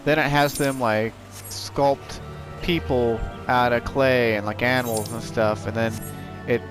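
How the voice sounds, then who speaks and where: A man's voice: medium pitch, steady tone, measured pace. Rambling man over game music. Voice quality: rambling, with many "like" fillers and restarts. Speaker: let's play host. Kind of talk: casual gameplay commentary.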